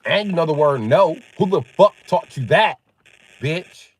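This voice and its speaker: A man live-streaming a casual comedic rant. He swears heavily, laughs at his own jokes and acts out other people in loud, high yelps. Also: expressive, unhurried, poor audio. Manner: profane, jokey storyteller.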